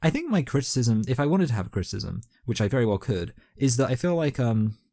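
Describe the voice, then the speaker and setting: A man's voice: medium pitch, sing-song, fast, mellow, no echo, clean studio sound. A man co-hosting a casual movie podcast, hesitant and full of "like" and "um", with crude jokes. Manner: crude humor, hesitant, lots of fillers and "like". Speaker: podcast co-host. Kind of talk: casual comedic chat.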